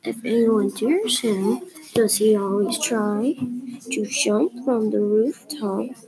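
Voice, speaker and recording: A woman reading a children's picture book aloud in a careful, measured way. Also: medium pitch, a loud crowd, rough recording. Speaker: story reader.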